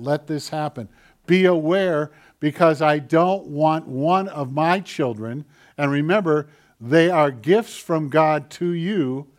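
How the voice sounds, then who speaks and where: A pastor with a slightly high voice preaches a sermon, moving between quiet, heavily stressed lines and louder, urgent passages. He puts rhetorical questions to his listeners.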